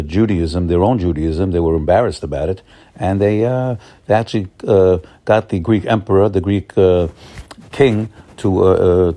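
A man who sounds like a rabbi, giving a holiday sermon. He talks haltingly, with many fillers, then builds to excited, emphatic bursts. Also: sits low.

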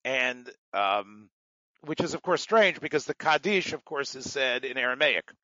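A man's voice: mid-range voice, animated, measured pace, pushed and bright, no echo, dull audio. A man teaching a Talmud class, explaining Aramaic words patiently, with digressions and many fillers. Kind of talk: lecture with asides.

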